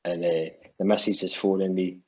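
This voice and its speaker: Scottish guy rambling and swearing, kinda husky, dull lo-fi sound. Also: low voice, little pitch movement, moderate pace, darkish tone. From Scotland. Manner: chatty, swears freely, lots of restarts. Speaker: musician guest. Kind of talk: casual storytelling chat. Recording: dull lo-fi podcast audio.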